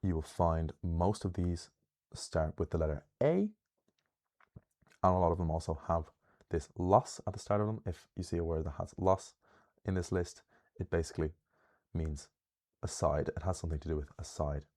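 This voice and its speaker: A young man giving an explanatory lesson on pronunciation, careful and deliberate, slowing down to say example words clearly. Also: low voice, mellow. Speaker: Irish language teacher.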